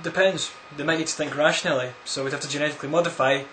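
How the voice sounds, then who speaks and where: A man's voice: fairly high pitch, steady tone, very fast, a bit bright, a little hiss or hum. A man answering viewer questions in a casual, rambling vlog, full of crude, absurd jokes. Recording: echoey room.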